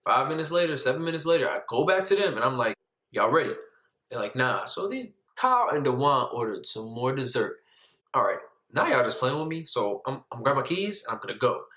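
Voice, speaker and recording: Animated young man telling a story. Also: fairly quick, roomy sound. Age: young adult. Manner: dramatic, jumps to high pitch when excited. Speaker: vlogger.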